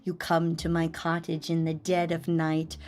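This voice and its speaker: A woman voicing an eccentric old witch who welcomes guests into her woodland cottage, pushy and theatrical, swinging from hushed coaxing to shrill gremlin outbursts. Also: monotone, a little slow.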